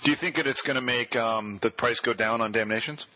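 A man's voice: medium pitch, fairly quick, sharp tone, poor audio. A man co-hosting a casual card-game podcast who laughs easily and encourages the others. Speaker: podcast co-host. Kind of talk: casual chat about card games.

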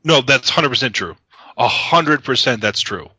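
Bright-voiced man in teasing banter. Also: medium pitch, animated, moderate pace, breathy edge, no room sound, muffled recording. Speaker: podcast co-host. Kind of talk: casual chat about card games.

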